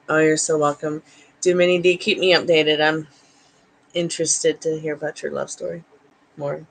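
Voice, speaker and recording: Woman host, home livestream, chatty, slips into soft baby talk for her pets, faint hum behind. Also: deep voice, animated, normal speed, gravelly, poor audio. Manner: cooing baby talk to her dogs between chat replies. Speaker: livestream tarot reader. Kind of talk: casual livestream chat. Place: home, by the couch.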